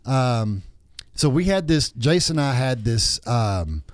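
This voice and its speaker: A man's voice: medium pitch, sing-song, takes it slowly, no echo, studio quality. A man in his thirties or forties, hosting a podcast with a crude, joking, rambling way of telling stories. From Texas. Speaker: podcast host. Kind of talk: casual chat.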